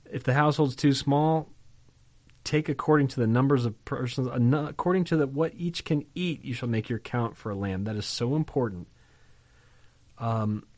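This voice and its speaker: A man's voice: mid-range voice, a little mellow, no room sound. A man preaching a sermon in a conversational, emphatic way, often putting questions to his listeners. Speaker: pastor.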